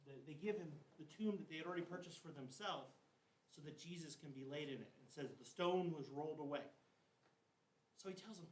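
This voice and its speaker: Teaching a confirmation class, a man with a voice on the high side speaks at a quick pace. He retells Bible stories loosely and chattily, packed with "like" and slang. The room is echoey, the mic sits at a distance and there's faint hiss.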